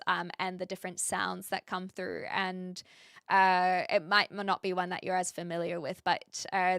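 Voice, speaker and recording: A woman hosting a livestream from home, talking to her viewers in a loose, rambling way with fillers and laughs. Her voice is bright and crisp, and the sound is close and dry. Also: medium pitch, no echo. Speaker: livestream host. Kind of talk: casual chat with viewers.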